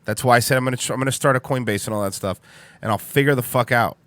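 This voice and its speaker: A man hosts a casual livestream, rowdy and joking, his voice loud when he reacts to clips. He sits close to the mic in a dry room. His pitch sits in the middle for a man. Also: rapid-fire, no room sound. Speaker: livestream show host.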